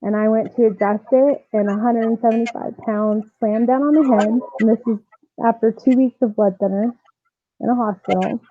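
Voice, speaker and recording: A woman softball coach telling her own story as a guest, lively and acting out the voices of people she quotes. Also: fairly high pitch, moderate pace. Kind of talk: personal storytelling in an interview. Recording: tinny phone-line sound, dry.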